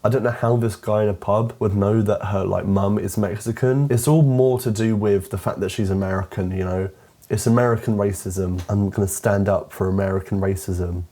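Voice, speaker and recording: A man's voice: on the low side, steady tone, normal speed, warm tone. A young British man with a British accent, giving a sarcastic, casual video essay about a film and filling his talk with "like". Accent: British English. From Britain. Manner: sarcastic and wry, with many filler "like"s. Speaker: film commentator.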